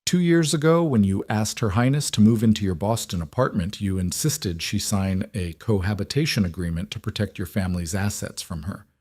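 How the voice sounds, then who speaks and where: A man reading the lines of a smooth, condescending British lawyer. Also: on the low side, fairly quick, hardly any pauses, a little mellow, no room sound, clean studio sound, close to an everyday voice.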